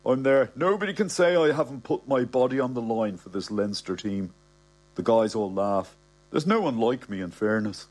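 Husky Dublin man narrating cockily. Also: medium pitch, lively intonation, moderate pace, a little mellow. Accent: Dublin Irish. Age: middle-aged. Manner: cocky, slangy storytelling. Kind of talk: comic audiobook narration.

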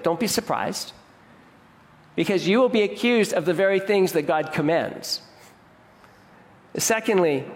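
A man's voice: fairly high pitch, in a large hall. A man preaching a sermon in a conversational way, now and then raising his voice to mock grumbling people. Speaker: pastor.

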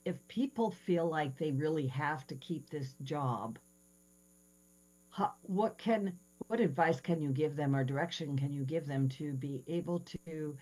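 A woman's voice: low-pitched, dark tone, low-quality recording. A woman hosting a podcast who asks a guest long, rambling questions with plenty of enthusiasm. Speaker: podcast host. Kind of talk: interviewing a guest. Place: Seattle.

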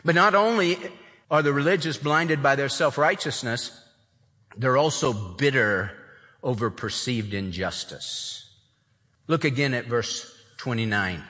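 A man preaching an expository sermon in an animated way, acting out the voices of the people he quotes, in a large church sanctuary. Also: mid-range voice, unhurried. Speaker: pastor. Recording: long reverb of a large hall.

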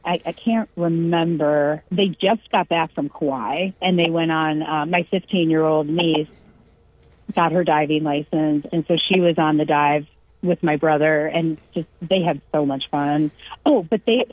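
A woman's voice: low voice, measured pace, breathy edge, no room sound. A middle-aged woman from California telling a long family story in casual chat, acting out the voices of the people in it and laughing along. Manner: lively storyteller who acts out quoted voices and laughs. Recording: dry, narrow phone-like radio sound.

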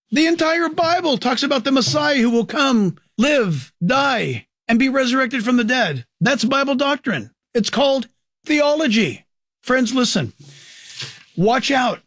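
A man's voice: sits high, no room sound, clean studio sound. A man critiquing preachers' teachings in an emphatic way, asking his own questions and answering them. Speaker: Christian commentator.

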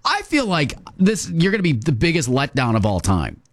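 A man co-hosting a morning radio show, teasing and skeptical with deadpan jabs. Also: on the high side, normal speed, dry recording. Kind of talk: casual morning radio banter.

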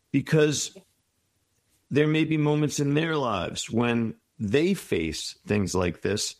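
A man's voice: mid-range voice, creaky, no echo. A middle-aged man giving reflective, encouraging advice as an interview guest. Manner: reflective, encouraging, tells stories.

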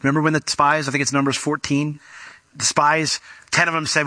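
A man's voice: a little high, quick pace, no room sound. A man preaching a conversational sermon, acting out scenes as he retells stories. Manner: conversational, animated, acts out scenes. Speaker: pastor. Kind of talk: sermon with storytelling.

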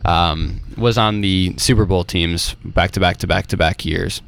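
A man co-hosting a podcast in casual chat, telling animated stories packed with "like" and acting out the people he quotes. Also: low voice, measured pace, vocal fry. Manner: animated storyteller who acts out quoted voices; filler-heavy, uses "like" constantly. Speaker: podcast co-host.

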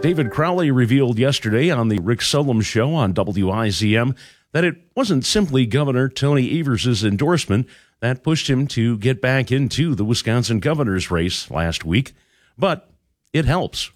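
A man reading a radio news bulletin in a measured, even delivery from a studio. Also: medium pitch, dry recording. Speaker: news anchor. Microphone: studio microphone.

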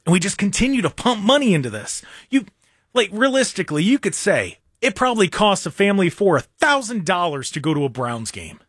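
A man's voice: high-pitched, big pitch swings, brisk, a bit bright, husky, no room sound, clean studio sound. A young adult man, hosting a sports talk show and ranting in an exasperated, emphatic way. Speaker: sports talk radio host.

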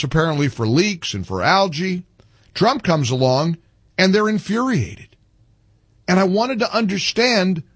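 Male commentary host, high husky voice, lively and sarcastic, indignant monologue. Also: no echo. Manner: sarcastic and indignant, with animated rising emphasis.

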